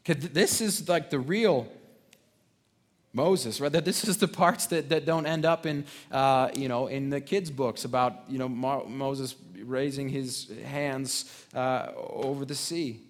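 A pastor delivering a conversational sermon, stumbling over restarts and tossing in tag questions, swinging between loud emphatic points and quiet drops. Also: male voice, medium pitch, a little slow.

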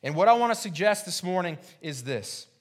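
A pastor preaches earnestly and repetitively, his sermon packed with rhetorical questions, frequent restarts, and stammered repeats. His voice sits high, expressive and fairly quick.

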